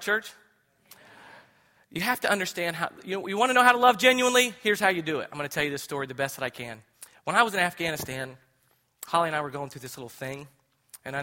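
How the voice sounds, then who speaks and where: A man in his thirties preaches with fervor, dropping to near whispers and then surging loud. His voice sits high and rings bright. The sound carries a long reverb from a church hall. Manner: impassioned, swings from hushed to loud. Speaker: pastor. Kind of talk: sermon. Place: church sanctuary.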